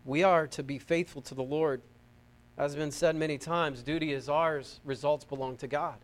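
High-voiced, fervent American preacher man. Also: fairly even intonation, normal speed. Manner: fervent, rising to loud emphatic peaks and dropping to soft asides; repeats words and phrases. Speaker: pastor. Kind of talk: sermon.

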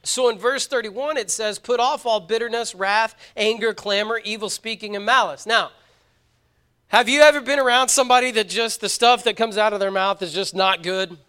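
A man's voice: sits high, normal speed, bright, forceful tone, clean tone. A man preaching a sermon to a congregation, earnest and emphatic, often repeating words for stress. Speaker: pastor.

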